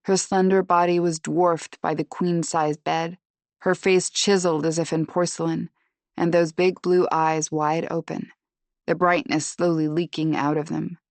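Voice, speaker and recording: Woman, lower voice, first-person audiobook narration, dry close recording. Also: flat delivery, measured pace, darkish tone, no room sound.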